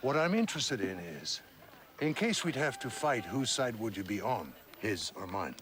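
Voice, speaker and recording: A ruthless medieval king speaks with quiet menace, his pitch swinging widely as he threatens. Noise from outdoors sits clearly under his voice. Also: very animated, moderate pace. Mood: menacing. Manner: menacing, commanding, shouts orders.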